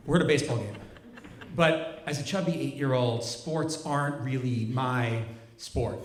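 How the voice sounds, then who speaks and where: A man's voice: medium pitch, normal speed. Wry man telling a story in a roomy hall. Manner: wry, vivid, self-mocking. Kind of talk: first-person storytelling on stage. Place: stage of a cultural center hall.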